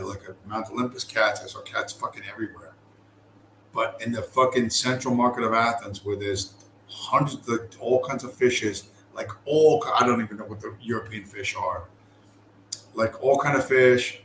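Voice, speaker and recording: A man's voice: fairly low pitch, a bit bright, echoey room, poor audio. Give me a middle-aged American man telling a rambling, profane story, with faint background noise. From United States. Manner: profane, rambling, full of fillers and restarts. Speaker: podcast host. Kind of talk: casual rambling anecdote.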